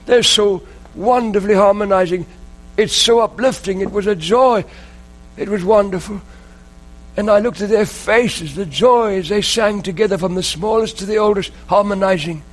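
A man preaching a sermon, telling a story in an earnest, emotional way with dramatic pauses. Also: high voice, low-quality recording.

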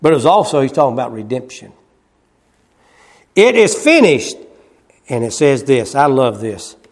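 A man preaching a sermon. He swings from loud, high cries to hushed low asides, repeating phrases and chuckling as he goes. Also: quick pace.

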